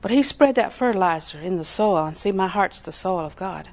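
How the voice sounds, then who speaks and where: A woman with a lowish voice preaches briskly in a conversational style, weaving homespun stories punctuated by laughing asides. She animates them by acting out other voices and falling to whispers for emphasis.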